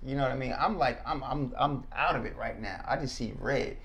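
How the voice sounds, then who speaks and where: A man, a former state trooper, telling his story as a podcast guest, animated and acting out what people said. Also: mid-range voice, normal speed, gravelly. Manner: animated, acts out quotes. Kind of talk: casual storytelling.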